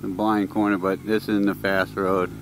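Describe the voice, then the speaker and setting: A man's voice: sits low, level tone, normal speed, creaky, poor audio. A man talking casually while he rides his motorcycle, rambling through stories for his vlog on a helmet mic. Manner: rambling, chatty storytelling. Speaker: motovlogger. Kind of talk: casual ride commentary. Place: outdoors on a moving motorcycle. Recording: wind and road noise.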